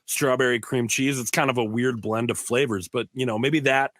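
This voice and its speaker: A young man with a Minnesotan accent chats on a casual podcast in a laid-back, self-deprecating way. He stammers through small restarts at a mid pitch. The sound is close and dry. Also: steady tone, normal speed, a bit bright, dry recording. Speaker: podcast co-host.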